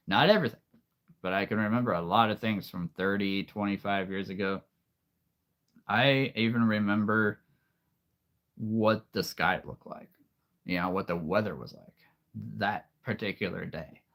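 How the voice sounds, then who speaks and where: A man in his late thirties chatting casually with viewers on a live stream, easygoing and quick to laugh. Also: lowish voice, fairly bright tone. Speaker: streamer and voice performer.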